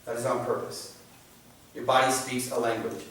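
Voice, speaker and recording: A man's voice: medium pitch, moderate pace. Joking man in an echoey room. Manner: animated, joking, restarts sentences often. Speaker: catechism class presenter. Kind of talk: informal faith talk to a class. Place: church meeting room. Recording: very echoey room, mic at a distance.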